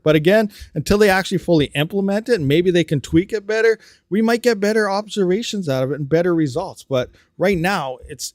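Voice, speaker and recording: Man, somewhat high voice, livestream host, casual rant, answers chat, dry close sound. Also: dry recording. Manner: animated, ranting, talks fast then trails off quietly. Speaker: crypto mining livestream host. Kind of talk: casual livestream chat reading viewer comments.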